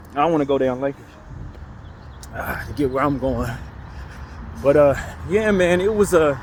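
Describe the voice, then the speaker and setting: Man vlogging outdoors, fairly high voice, chuckling, faint traffic behind. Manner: chuckling, rambling. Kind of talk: casual storytelling. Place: outdoors on a city street, walking.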